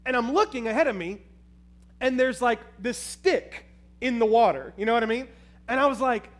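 A man preaching a sermon, telling a personal story in an animated way and talking straight to the crowd. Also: very high-pitched, a little fast. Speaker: pastor.

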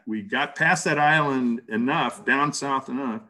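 A man casually recounting an ordeal in an interview, halting and animated. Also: medium pitch. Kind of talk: casual storytelling.

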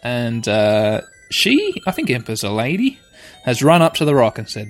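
A young man playing a video game, playfully and excitably narrating what happens and reading the text aloud. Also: medium pitch, moderate pace. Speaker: game player. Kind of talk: let's play commentary. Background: faint game music.

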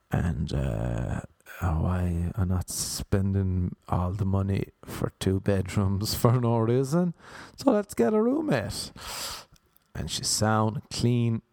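A man's voice: low-pitched, vocal fry, darkish tone, no echo. A young Irish man telling rambling, self-mocking comic stories, often laughing at his own jokes. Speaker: comedian. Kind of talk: comic monologue.

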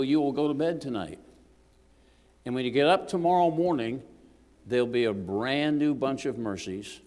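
Man preaching a lively sermon in a hall. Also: medium pitch. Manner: lively, jokes with the congregation, calls for amens. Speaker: guest preacher. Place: church sanctuary. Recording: long hall reverb.

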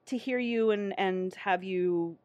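A woman's voice: medium pitch, slow pace, a little mellow, dry recording, lo-fi sound. A woman interviewing in a casual conversation, enthusiastic and gushing, laughing often as she talks.

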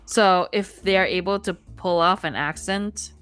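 A woman's voice: on the low side, unhurried, a bit bright, smooth, dry recording, faint music behind. A woman co-hosting a podcast in casual chat, explaining her point in a matter-of-fact way. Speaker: podcast co-host.

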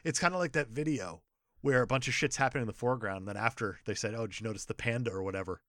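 A man co-hosting a podcast, recapping a TV episode in casual chat, animated and jokey, acting out quotes. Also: medium pitch, rapid-fire, no room sound, studio quality. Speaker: podcast co-host.

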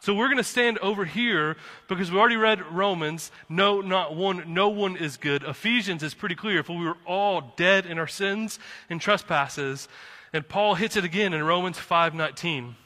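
A man preaching a sermon as pastor from the pulpit, impassioned, swinging from quiet to fired-up. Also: high-pitched, moderate pace. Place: church sanctuary. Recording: long reverb of a hall.

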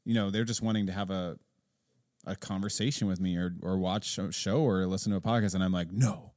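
A man in his forties hosting a casual podcast chat, halting and restarting often, quick to laugh. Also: deep voice, fairly even intonation, darkish tone, no room sound, studio quality. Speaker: podcast host.

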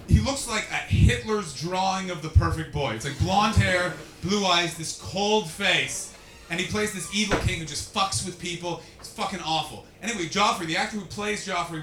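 Man from Canada, stand-up comic, very bright voice, slightly high, echoey venue. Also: a little hiss or hum. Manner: animated, swears freely, acts out voices. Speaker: stand-up comedian. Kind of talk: crowd-work stand-up comedy. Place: comedy venue with a live audience. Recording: echoey room with faint ambience.

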